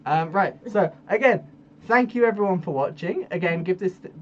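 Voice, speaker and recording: A giggly, animated man chatting casually while he plays a game, with a pitch that leaps around a lot. The recording is a little dull and muffled, with a faint hiss underneath. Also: moderate pace. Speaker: gaming channel host.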